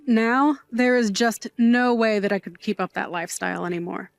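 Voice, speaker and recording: A woman's voice: medium pitch, level tone, moderate pace, creaky, dry recording, studio quality, faint music behind, lightly acted. An actress voicing a glamorous, doting middle-aged aunt who works nights at a bar, fussy and theatrical in her manner. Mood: reassuring. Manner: fussy, dramatic, gushing. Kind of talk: audio drama acting.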